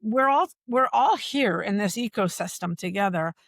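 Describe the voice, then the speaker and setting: Woman podcast guest, animated and emphatic, repeats key phrases, mid pitch, dry close sound. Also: normal speed, vocal fry, no room sound. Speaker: guest, workplace culture executive. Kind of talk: conversational podcast interview.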